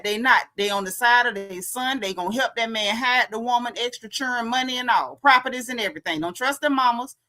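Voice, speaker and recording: A woman with a bright, higher voice, recapping reality TV in a casual chat. She tells it as an animated story, switching into the voices of the people she quotes. Her delivery is clear and forceful. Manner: animated storytelling, acts out quotes, frequent laughs.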